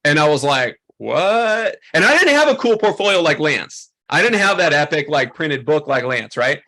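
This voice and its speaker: A man teaching a photography workshop, telling a story in an animated, chatty way full of "like" and "um". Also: a little high, fairly quick. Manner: animated, chatty, heavy use of "like" and "um". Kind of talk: storytelling lesson to a class.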